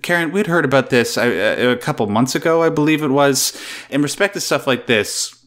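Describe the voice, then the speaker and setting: A man's voice: medium pitch, normal speed, fairly bright tone. Chatty male talk-show host. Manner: chatty, laughs often, reads news aloud. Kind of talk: casual online news talk show.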